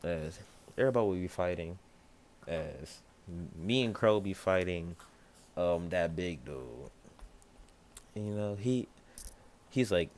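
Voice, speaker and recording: A man's voice: low-pitched, darkish tone. A man casually telling a made-up fan story, rambling and correcting himself as he goes. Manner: rambling, self-correcting, with quick asides to a child nearby.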